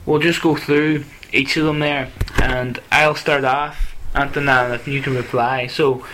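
Bright-toned man hosting a lesson. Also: medium pitch, little pitch movement, a little slow, slight background noise, rough recording. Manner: asks guiding questions, repeats phrases back. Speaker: host of a language lesson. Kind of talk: casual teaching dialogue.

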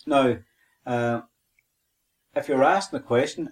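A man's voice: mid-range voice, steady tone, a little slow, long pauses. A man teaching the language on a podcast, patiently repeating phrases for learners.

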